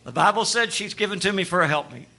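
A man preaching from the pulpit, his voice bright and forceful and pitched a little high. He drops into soft, tender passages, then builds into loud, lively storytelling. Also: fast, vocal fry. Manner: swings from hushed tenderness to loud, animated storytelling. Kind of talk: sermon.

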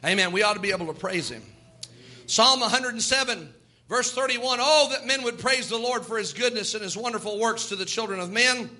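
With a high-pitched, bright and forceful voice, a pastor reads scripture and presses his congregation to praise. His sermon moves a little fast, delivered with fervent rhythm.

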